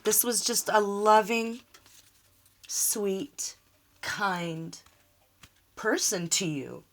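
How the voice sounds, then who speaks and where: A woman's voice: medium pitch, very slow. A woman giving a tarot reading, talking earnestly and reassuringly, repeating short words of encouragement. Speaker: tarot reader.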